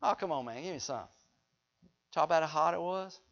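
A man's voice: fairly high pitch, fast talker, creaky, fairly bright tone. A man preaching a sermon in a folksy way, joking with the congregation. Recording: dull lo-fi recording.

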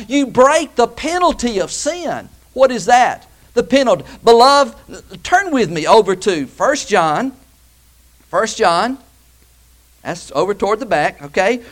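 A man delivers a sermon in a very high voice. His pitch swings widely as he presses each point. He speaks to the congregation as beloved and brother. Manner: preachy and emphatic, addresses listeners as beloved and brother. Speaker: pastor.

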